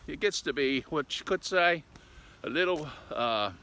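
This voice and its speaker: Chatty man rambling outdoors, bright voice. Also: a little high, animated, unhurried, a little hiss or hum. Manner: chatty, folksy, ends with "eh?", puts on a mock English accent. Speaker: vlogger. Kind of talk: casual rambling vlog talk. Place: outdoors on a walk.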